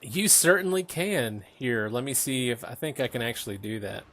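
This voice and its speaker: A man's voice: medium pitch, expressive, normal speed, fairly bright tone. Casual young male game master. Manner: casual, laughing, lots of fillers. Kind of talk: narrating a tabletop game.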